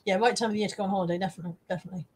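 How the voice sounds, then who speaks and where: A woman's voice: medium pitch, steady tone, racing, a little mellow, a little hiss or hum. A woman hosting a casual live stream, chatting to her viewers and reading out their comments, self-deprecating and swearing now and then.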